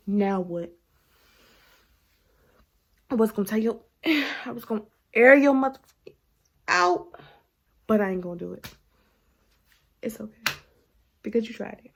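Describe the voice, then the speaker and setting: Young woman doing a storytime vlog, sassy and fired up, lots of sighs, middle pitch. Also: normal speed, long pauses. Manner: sassy and animated, sighs and laughs often; drops to a hushed aside at times. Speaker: vlogger telling a story. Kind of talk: casual storytime to camera.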